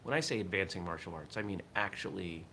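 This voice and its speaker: A man's voice: deep voice, fast talker, sharp tone, a little hiss or hum. A man hosting a live morning show, talking in a reflective, think-aloud way. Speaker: host of a martial arts morning show. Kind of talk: casual morning livestream talk.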